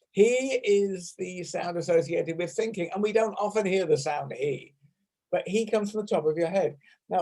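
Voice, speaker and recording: A man with an English accent leading an online laughter yoga class over a video call, playful and self-mocking, demonstrating laugh sounds out loud. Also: high-pitched, husky. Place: home room on a video call.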